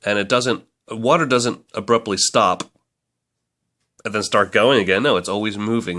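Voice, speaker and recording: Casting: low-voiced man, relaxed rambling reviewer, talks things through out loud. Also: moderate pace. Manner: chatty, rambling, self-correcting. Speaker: book reviewer. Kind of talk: casual book review to camera.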